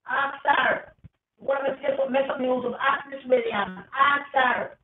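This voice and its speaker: A vlogger with a Jamaican accent talks to her viewers in a rambling, repetitive, emphatic monologue to camera, calling everyone "man" again and again. Her voice sits high with a steady tone and measured pace. The audio is reverberant, phone-quality and distant from the mic, with music in the background.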